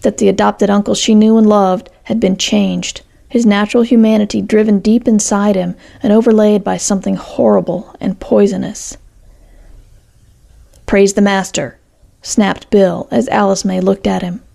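A woman reading a story aloud as narrator, in a steady, measured way. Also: medium pitch, vocal fry.

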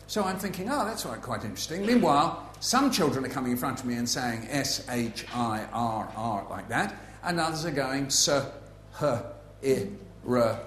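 A man speaking as an author at a festival, telling anecdotes with a playful, facetious manner and frequent asides. His voice sits in a middle pitch range and carries through a roomy hall. A faint ambient hum hangs under the talk. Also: expressive, unhurried, fairly bright tone. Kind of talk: humorous festival talk to a live audience. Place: festival venue with an audience.

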